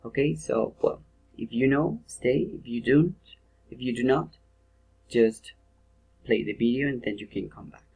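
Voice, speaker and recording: A man's voice: mid-range voice, measured pace, vocal fry, long pauses, a little mellow, husky, rough recording. Young male teacher explaining patiently. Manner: explains step by step, often checks with "okay?", self-corrects. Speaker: English pronunciation teacher. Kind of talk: video lesson explanation.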